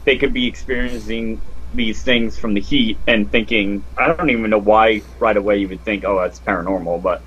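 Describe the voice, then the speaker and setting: Husky, lowish, and fairly bright, this man's voice stays steady at a normal speed. Joining a relaxed paranormal podcast remotely as co-host, he reads out news and viewer comments with dry exasperation, and the connection sounds muffled.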